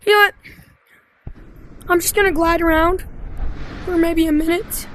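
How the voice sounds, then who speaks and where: A woman's voice: very high voice, fairly even intonation, normal speed, pauses often, a bit bright, slight background noise. A young woman casually commenting on her VR gameplay, chatty and rambling with lots of fillers, into a headset mic. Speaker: gaming YouTuber.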